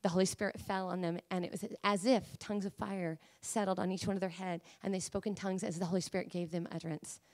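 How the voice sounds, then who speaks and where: A woman preacher giving an emotional, passionate sermon, swinging between hushed talk and fiery proclamation. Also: on the low side, level tone, fast talker, few pauses, no echo. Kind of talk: Pentecostal-style sermon.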